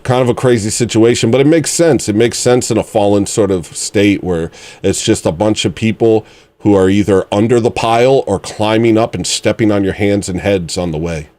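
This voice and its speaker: Man, 40s, livestream host; low voice, rambling musings with a mock-serious edge. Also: normal speed, a little mellow, dry recording. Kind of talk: casual livestream chat.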